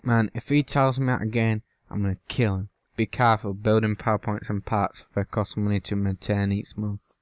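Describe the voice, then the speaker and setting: A man's voice: on the low side, level tone, normal speed, no echo. A man giving loose, joking commentary over his own gameplay, swearing now and then and slipping into silly bits. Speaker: gaming channel host.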